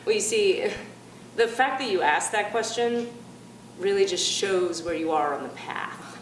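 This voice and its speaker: A woman on stage playing a smug, self-important spiritual man who talks down slowly. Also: mid-range voice, roomy sound, distant mic, a little hiss or hum, voice pushed down, lightly acted, low-quality recording. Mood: condescending. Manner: slow, condescending.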